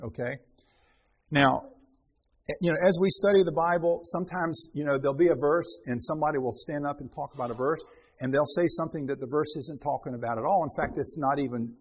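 A man's voice: on the high side, husky. A man preaching a Bible-teaching sermon, reading scripture aloud with rising emphasis and then explaining it in loose, restarting talk.

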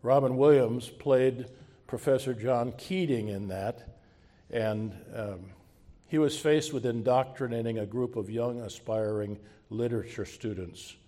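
A man's voice: mid-range voice, a little slow, warm tone. A man preaching a sermon as pastor, asking the congregation rhetorical questions and closing with a prayer. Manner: closes with a spoken prayer.

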